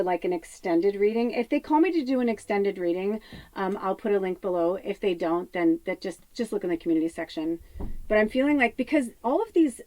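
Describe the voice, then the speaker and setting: A woman's voice: medium pitch, dark tone, rough recording. A woman talking casually to camera as a psychic medium, chatty with many fillers, at times dropping her voice to a whisper. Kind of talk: casual spiritual talk to camera. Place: home off grid.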